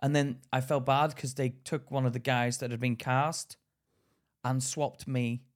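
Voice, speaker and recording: An unhurried man with a medium-pitched voice co-hosts a casual podcast. He tells stories with animation, plenty of laughter and acted-out quotes.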